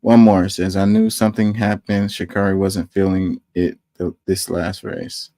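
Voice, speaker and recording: A man casually commenting on news and reading viewer comments aloud, with animated rhetorical questions. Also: low voice, normal speed, no room sound.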